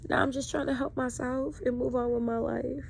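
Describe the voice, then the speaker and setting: A woman's voice: sits high, level tone, brisk, gravelly, a little hiss or hum. A woman talking straight to camera in a candid personal vlog, with raw, emotional, profane storytelling. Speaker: vlogger.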